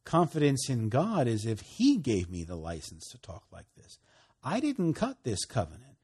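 A man preaching a sermon, emphatic, moving between loud bursts and hushed, quiet lines. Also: medium pitch, wildly swooping pitch, normal speed, husky. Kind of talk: sermon teaching.

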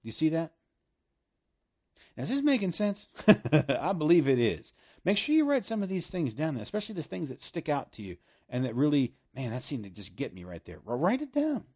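A man preaching a sermon, swinging from loud emphasis down to hushed, almost whispered lines. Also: on the high side, wildly swooping pitch, fairly quick, slightly rough.

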